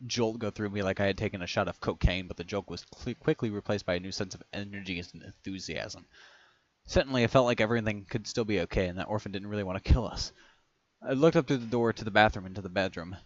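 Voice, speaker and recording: A man reading a first-person story aloud in a casual way, often stumbling on words, restarting them and clearing his throat. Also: deep voice, dry recording. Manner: reads in first person, stumbles and restarts on words, breaks into long fits of laughter. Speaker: reader of fan fiction. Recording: dry, slightly dull home recording.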